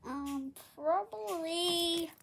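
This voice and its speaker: A young woman chatting casually and rating toys, hesitant and giggly, often pausing on "um" and making playful sound effects. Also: very high voice, fairly bright tone. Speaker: guest rating fidget toys. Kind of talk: casual chat. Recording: clear background noise.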